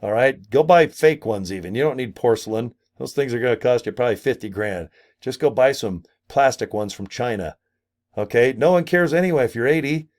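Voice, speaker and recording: A man's voice: mid-range voice, expressive, fairly quick, a little mellow. An older man vlogging a casual promotional rant, goofy and crude, full of exaggerated asides and silly put-on voices. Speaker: marketing vlogger.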